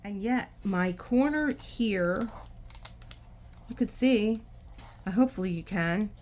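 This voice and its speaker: A woman's voice: medium pitch, takes it slowly, darkish tone, a little hiss or hum. A middle-aged woman hosting a craft video, chatting casually to the camera and talking to herself in frustration as she works.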